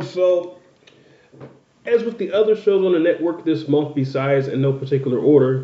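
Tipsy joking man on a podcast, roomy sound. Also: mid-range voice. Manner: rambling, joking, laughs often, swears. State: a little tipsy. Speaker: podcast co-host. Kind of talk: casual podcast banter. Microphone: desk microphone. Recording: echoey room, dull lo-fi sound.

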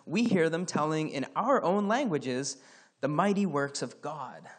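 A man's voice: a little high, lively intonation, unhurried. Conversational man teaching from scripture. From Scotland. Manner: conversational, with fillers, reads scripture aloud. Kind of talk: casual Bible teaching.

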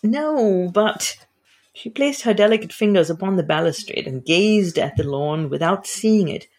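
A woman author with a husky, slightly low voice, moving between casual interview chat and expressive reading from her book. Her pitch rises and falls widely as she tells the story. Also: normal speed. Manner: animated, expressive reader.

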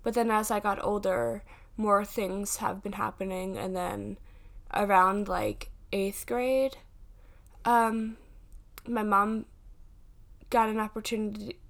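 A woman in her twenties with a creaky, mid-range voice hosts a casual podcast from home. A podcast host and paranormal investigator, she rambles along with plenty of fillers and restarts.

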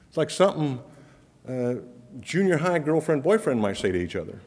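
A man's voice: on the high side, animated, unhurried, long pauses, darkish tone. A man preaching a sermon, earnest and emphatic, his voice building on repeated promises. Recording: reverberant hall.

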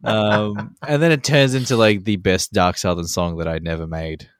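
A podcast co-host talks in a lowish, clear, resonant voice at normal speed, with fairly even intonation. The chat is casual and loose, full of free swearing, ums, and chuckles. The sound is clean studio audio with no room sound.

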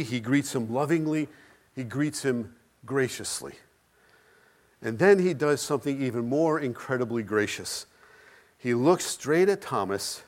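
Man preaching a sermon with rhetorical questions. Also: mid-range voice. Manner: rhetorical questions, repeated phrases, dramatic pauses.

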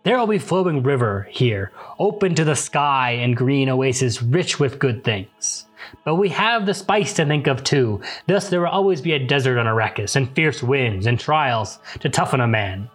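A man voicing a young male desert ruler, calm and commanding, speaking in a solemn, measured way in a book retelling. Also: mid-range voice, faint music behind, lightly acted.

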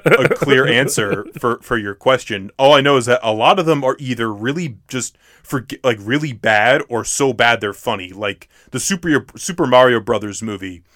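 A man's voice: mid-range voice, a bit bright, no room sound, studio quality. A man co-hosting a casual podcast chat, rambling, restarting his sentences and laughing often. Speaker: podcast co-host.

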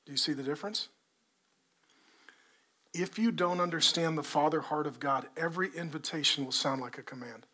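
A middle-aged male pastor preaching a sermon to a congregation, swinging between loud delivery and hushed, intimate talk. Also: fairly high pitch, a little fast, long pauses. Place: church before a congregation.

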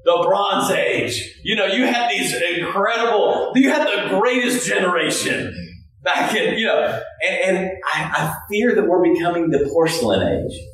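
A man preaching a sermon in a high, lively voice, breaking into shouts and laughing asides. He is heard from a distance in a very echoey hall. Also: a little slow. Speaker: pastor.

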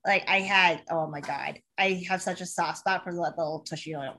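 Young woman guest, casual blunt chatter, lively and profane. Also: lowish voice, moderate pace, a little hiss or hum. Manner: animated, swearing, filler-heavy, acts out voices. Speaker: podcast guest. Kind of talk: casual podcast chat.

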